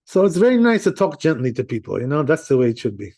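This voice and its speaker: Talking fast and very animatedly, a rabbi with a medium-pitched, slightly mellow voice leads a casual class on Jewish law. He's chatty, chuckles a lot, and often says "right?" and "you know."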